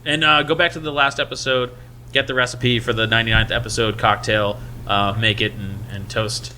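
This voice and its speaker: Bright-voiced man telling a bar story. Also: medium pitch, flat delivery, brisk, slight background noise. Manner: storytelling, acts out both sides of a bar argument. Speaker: podcast co-host. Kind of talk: casual chat.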